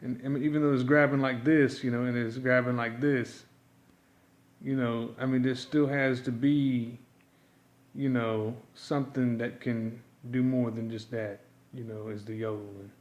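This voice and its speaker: A man's voice: mid-range voice, little pitch movement, unhurried, roomy sound, highs cut off. A man teaching yodeling in a rambling, improvised monologue, filling his talk with constant fillers. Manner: rambling, packed with "you know" fillers.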